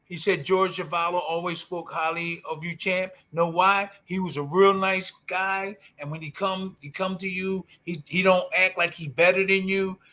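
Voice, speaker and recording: A man's voice: high-pitched, little pitch movement, normal speed, hardly any pauses, pushed and bright. An older man co-hosting a casual live stream, greeting viewers by name in a loose, easygoing way. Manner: loose, reads out and greets chat names. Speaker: co-host.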